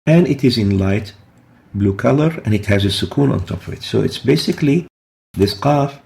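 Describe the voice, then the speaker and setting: A man teaching a recitation lesson, explaining each rule patiently and repeating example words slowly. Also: medium pitch, lively intonation, gravelly, darkish tone. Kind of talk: explaining tajweed rules step by step.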